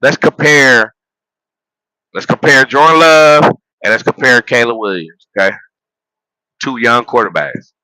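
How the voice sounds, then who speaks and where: A man ranting casually about football, animated and profane, laughing at his own jokes and repeating himself as he builds his points. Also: medium pitch, measured pace, pauses often, no echo, rough recording. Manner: repeats phrases and restarts while building a point. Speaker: sports vlogger and football fan. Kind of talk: casual sports rant.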